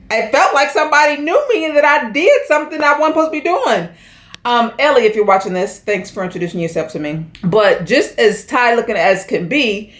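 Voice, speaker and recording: Woman vlogger, lowish gravelly voice, casual self-deprecating chat in an echoey apartment. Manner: chatty, self-deprecating, addresses viewers as y'all. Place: indoors at home, her apartment. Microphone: camera set up on a stand. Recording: roomy, echoey room.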